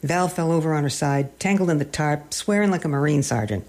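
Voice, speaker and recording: A man's voice: a little high, a little fast, a little mellow. A man narrating a humorous story in a dry, wry storytelling manner.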